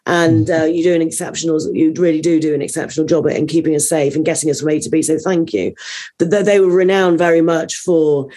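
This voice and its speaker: A woman, a trainer guest on an interview show, telling a long story in a rambling, animated way with many fillers. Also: low voice, fast talker.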